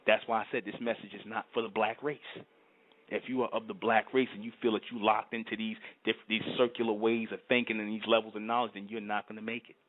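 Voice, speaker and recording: Hosting his own channel, a man delivers an emphatic, repetitive monologue alone, frequently asking his audience if they follow. His voice is lowish and level, he talks fast, and the recording has a tinny, phone-like quality.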